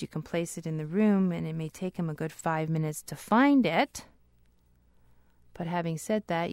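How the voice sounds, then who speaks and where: A woman dog trainer explaining tricks step by step in an upbeat instructional talk, now and then breaking into a high sing-song praise voice. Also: a little mellow, clean tone, no echo, clean studio sound.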